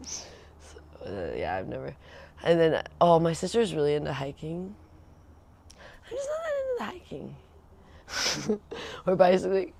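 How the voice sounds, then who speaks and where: A woman's voice: deep voice, huge pitch swings, unhurried, gravelly, pauses often, a little mellow. A woman hosting a home livestream, chatting in a rambling, casual way, laughing often and acting out the voices of people she quotes. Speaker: livestream host.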